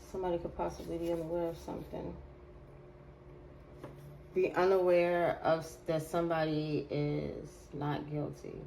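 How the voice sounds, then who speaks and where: A woman's voice: fairly low pitch, gravelly, dark tone, slight background noise, rough recording. A woman giving a casual, slangy tarot reading to her viewers, repeating phrases and drawing words out. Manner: slangy, drawn-out repetitions. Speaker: tarot reader.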